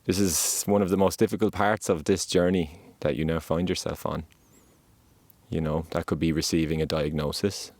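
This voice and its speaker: Deep-voiced, earnest man speaking gently. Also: steady tone, moderate pace, no echo. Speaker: podcast host. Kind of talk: heartfelt motivational monologue. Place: outdoors on a mountainside.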